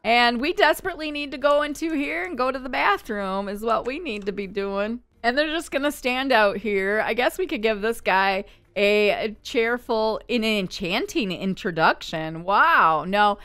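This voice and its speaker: A woman giving casual commentary on her life-simulation game, chatty and quick to voice her characters' thoughts. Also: on the high side, a bit bright, clean tone, no room sound. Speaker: gaming YouTuber.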